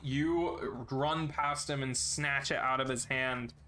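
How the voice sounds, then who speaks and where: A man narrating a tabletop game as game master, relaxed and with many fillers. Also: medium pitch, slow.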